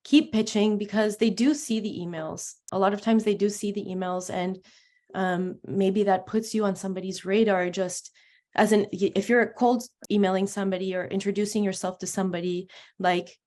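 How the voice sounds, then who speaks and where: A woman journalist speaking as an interview guest, her voice sitting at an ordinary middle pitch. She talks in a hesitant, conversational way, pausing on fillers and restarting her sentences as she thinks aloud. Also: steady tone, darkish tone.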